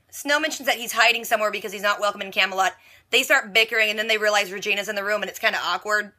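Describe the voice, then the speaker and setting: A woman vlogger giving a casual, animated recap of a TV episode with quick asides. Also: mid-range voice. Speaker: reaction vlogger.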